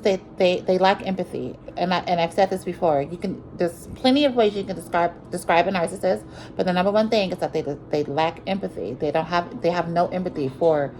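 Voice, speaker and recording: A woman's voice: on the low side, a little mellow, a little hiss or hum, rough recording. A woman telling a personal story in a vlog, earnest and repetitive, with many restarts. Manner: earnest, repeats herself, many restarts and fillers.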